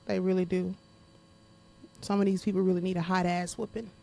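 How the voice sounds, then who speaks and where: A woman's voice: lowish voice, level tone, a little fast, vocal fry, warm tone, slight background noise. A woman hosting her podcast in a casual monologue. She talks bluntly with lots of profanity, speaks straight to her listeners and often laughs while venting. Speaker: podcast host.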